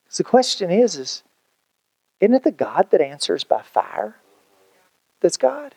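A man pastor, preaching a sermon in an animated, conversational way with jokes and acted-out quotes. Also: high voice, unhurried, vocal fry, husky, dry recording.

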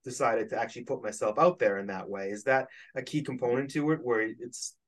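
Halting male podcast host, slightly distant. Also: medium pitch. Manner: halting, repeats words while searching for thoughts. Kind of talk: casual interview chat. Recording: voice set back from the mic.

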